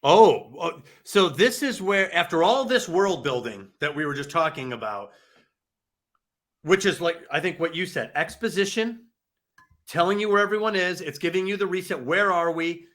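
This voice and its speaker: A man's voice: high voice, animated, moderate pace, fairly bright tone. A man appearing as a guest author on a podcast, talking movies in an enthusiastic, jokey way. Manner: enthusiastic, jokey, laughs often. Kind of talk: casual film discussion.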